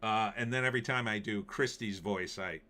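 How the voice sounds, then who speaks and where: A male host talks through the news in a loose, sarcastic ramble, with lots of fillers along the way. His voice sits on the lower side. It is bright and forceful. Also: moderate pace. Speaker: show host. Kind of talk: casual political and movie commentary.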